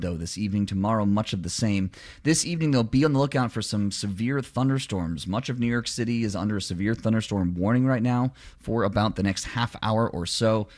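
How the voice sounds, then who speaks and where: A man with a fairly low voice reads the local news and the weather on radio. He moves along quickly, keeping the delivery conversational. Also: darkish tone. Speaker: radio newscaster.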